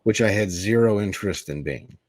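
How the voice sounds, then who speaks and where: A man's voice: fairly low pitch, a little fast, darkish tone, no room sound, studio quality. A man, a comedian guest on a podcast, telling a long candid story in a blunt, profane, rambling way.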